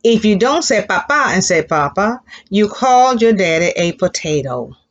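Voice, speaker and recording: A woman's voice: mid-range voice, sing-song, normal speed, lo-fi sound. A woman teaching a children's Spanish class, patiently modeling words for the class to repeat and praising them. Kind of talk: elementary Spanish lesson.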